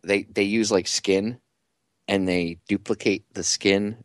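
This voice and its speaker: Deep-voiced rambling male co-host. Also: steady tone, slow pace, dry recording, clean studio sound. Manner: rambling, conspiratorial storytelling. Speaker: radio co-host. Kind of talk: casual talk radio banter.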